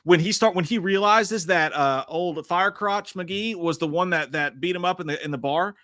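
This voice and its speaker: A man's voice: high-pitched, moderate pace, sharp tone, no room sound, studio quality. A man co-hosting a casual movie discussion, swearing freely and laughing often. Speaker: podcast co-host.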